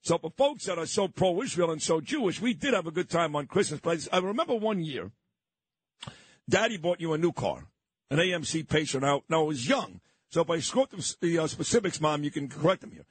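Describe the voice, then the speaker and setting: A man's voice: fairly high pitch, big pitch swings, a little fast, breathy edge, no room sound. A man, a radio host reminiscing in a sentimental, rambling way. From Brooklyn, New York. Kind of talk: reminiscing on-air chat.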